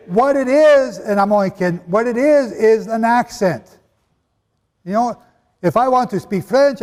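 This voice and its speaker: A man preaching a sermon-style teaching to a live audience, talking emphatically and conversationally and quizzing his listeners. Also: extremely high pitch. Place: large hall with an audience. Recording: long hall reverb.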